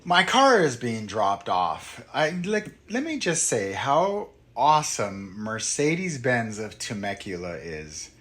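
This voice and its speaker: A man's voice: medium pitch, huge pitch swings, takes it slowly, few pauses, fairly bright tone. A man, a real estate agent, chatting casually and self-deprecatingly to the camera while he drives around. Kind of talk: casual driving vlog. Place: in a car.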